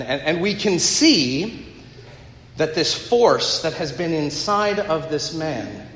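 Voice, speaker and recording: A pastor preaches a sermon in a mid-range voice with a sharp tone, earnestly retelling a story and adding conversational asides to the congregation. The recording has the long reverb of an echoey hall.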